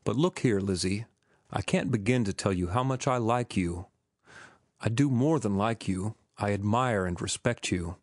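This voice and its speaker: A man reading the part of a young former sailor who speaks gently and firmly, in measured audiobook dialogue. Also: fairly low pitch, no echo, clean studio sound, close to an everyday voice. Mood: gentle.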